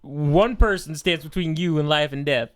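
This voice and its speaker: A man's voice: a little high, normal speed. A man co-hosting a movie podcast, giving wry, dry commentary in casual discussion. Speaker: podcast co-host.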